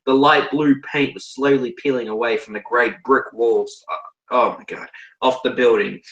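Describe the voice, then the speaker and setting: A young man with an Australian accent reads a fan story aloud, tripping over words and breaking off to groan at what he's reading. His voice is bright and sharp, and the room around him is echoey. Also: mid-range voice, fairly even intonation, moderate pace, lo-fi sound. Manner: stumbling over words, breaking into laughter and horrified asides. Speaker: podcast co-host reading fan fiction.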